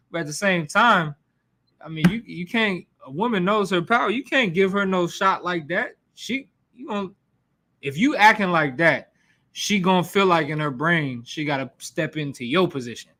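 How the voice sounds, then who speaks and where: A man with a high-pitched voice teaches a Bible class at a normal speed. He's animated and slangy, acting out the quotes as he goes.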